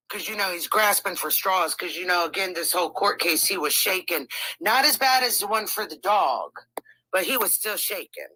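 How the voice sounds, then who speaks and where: A middle-aged woman telling a court story in an animated, emphatic way, swearing freely and acting out the people she quotes. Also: fairly low pitch, moderate pace, no room sound, poor audio. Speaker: guest recounting a court case.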